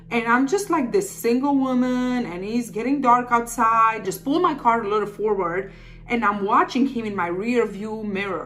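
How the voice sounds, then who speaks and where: A woman in her thirties telling a story to camera in a lively, dramatic way. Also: fairly high pitch. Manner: animated, dramatic voices for quoted people.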